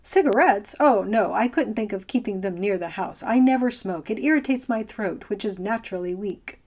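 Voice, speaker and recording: A woman voicing a fussy, anxious elderly gentleman who talks in a prim, fretful, genteel way. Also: mid-range voice, normal speed, lightly acted.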